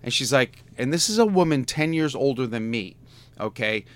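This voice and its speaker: Man, 50s, mid-pitched, ranting about bad service with lots of restarts and swearing. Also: animated, normal speed, dry recording. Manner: exasperated, profane, stammering restarts. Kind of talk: casual ranting storytelling.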